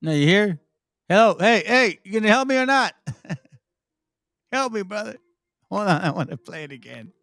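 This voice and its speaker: A man's voice: sits high, big pitch swings, brisk, a bit bright, dry recording. Angry, swearing man ranting over clips. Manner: angry, mocking, laughing, swearing heavily. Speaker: commentary channel host. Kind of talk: profane commentary rant over played clips.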